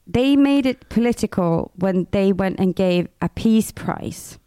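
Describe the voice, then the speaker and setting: Woman, radio co-host, casual chat, opinionated, repeats words, middle pitch, dry close sound. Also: expressive, measured pace, dark tone, clean tone, no room sound.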